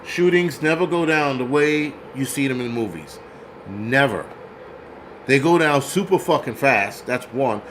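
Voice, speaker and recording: A man's voice: medium pitch, fairly bright tone, a little hiss or hum. A man hosting his own channel, ranting bluntly and profanely in casual commentary with many restarts. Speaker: channel host.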